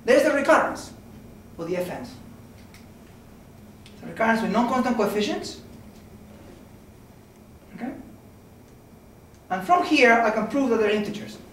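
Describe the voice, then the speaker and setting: A man's voice: very high voice, expressive, measured pace, pauses often, fairly bright tone, slight background noise. A man giving an informal mathematics seminar lecture, talking conversationally and often checking in with "okay?" and "right?". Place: lecture room. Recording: very echoey room from a distance.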